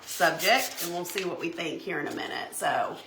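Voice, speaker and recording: A woman's voice: on the low side, expressive, moderate pace, background noise. A woman hosting a live craft show, chatting and laughing as she works. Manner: chatty, laughs often, says y'all. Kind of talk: casual live craft chat. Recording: echoey room.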